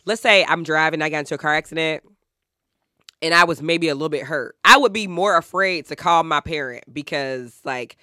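A woman's voice: deep voice, a little fast, bright, forceful tone, no room sound, studio quality. A woman co-hosting a podcast, chatting candidly and earnestly about parenting. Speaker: podcast co-host. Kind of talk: casual podcast chat.

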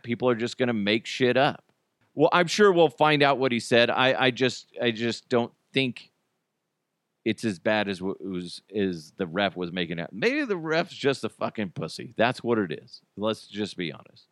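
A male podcast host in a casual solo rant, swearing freely, animated and laughing at his own jokes. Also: lowish voice, no echo, studio quality.

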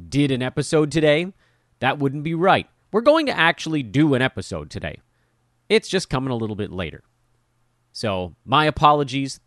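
A middle-aged man from Los Angeles hosting a casual solo podcast, telling stories in a self-deprecating, animated way. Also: mid-range voice, no echo, studio quality. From Los Angeles, USA. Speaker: podcast host.

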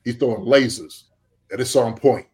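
A man who played tight end, giving animated sports analysis, full of rhetorical "okay?" and "right?" check-ins. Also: mid-range voice, normal speed, slightly rough. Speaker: podcast co-host, former tight end.

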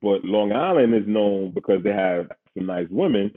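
Husky New man, phone-quality. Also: on the low side, moderate pace. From Queens, New York. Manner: animated, slangy, acts out quotes. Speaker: guest. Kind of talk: casual storytelling. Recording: phone-like narrow sound.

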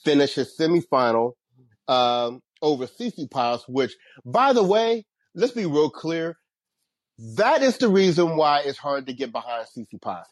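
Husky, emphatic male podcast co-host. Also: on the high side, lively intonation, a little slow, no echo. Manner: emphatic, stammers on restarts, opinionated. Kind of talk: casual sports chat.

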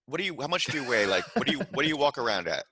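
A middle-aged man co-hosting a casual chat show, blunt and teasing, quick to correct others. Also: mid-range voice, big pitch swings, a loud crowd. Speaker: podcast co-host.

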